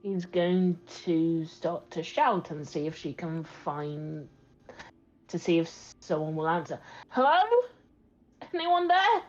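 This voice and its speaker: A woman playing a tabletop game, speaking in a hesitant, halting way. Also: low-pitched, steady tone, darkish tone, lo-fi sound, soft background music. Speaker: player.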